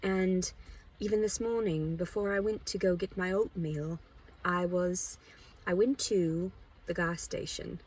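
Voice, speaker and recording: Rambling, husky-voiced woman vlogger. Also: on the low side, steady tone, measured pace, a little mellow, distant mic. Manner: meandering, restarts often, blunt and frank. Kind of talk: rambling personal monologue.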